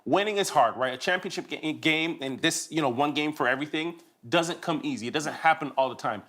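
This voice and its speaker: A man's voice: a little high, fairly bright tone. A man analyzing basketball in a studio, tagging points with "right?" and teasing his co-host. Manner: fast, teasing, says "right?" often. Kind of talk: halftime analysis.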